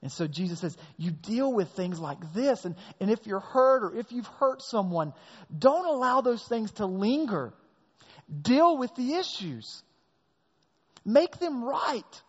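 A man's voice: sits high, very animated, a little slow, slightly rough. A man preaching a sermon as pastor, leaning hard on key words, recorded in a large hall with a long echo and a dull sound.

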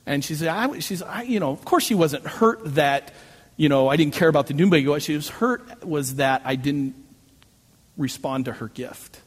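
A male pastor preaching in a church sanctuary, his voice sitting a little high for a man and trailing off into the long reverb of a large hall. He tells personal stories in an animated way and pokes fun at himself as he goes. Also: moderate pace, breathy edge. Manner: animated storytelling with self-mocking jokes. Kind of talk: sermon.

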